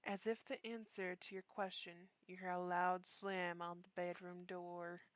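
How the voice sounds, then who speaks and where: Low, flat-voiced woman reading horror text. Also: no room sound, rough recording. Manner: drops to a hushed near-whisper for tense passages; slow, deliberate reading with breaks into quick asides. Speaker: streamer.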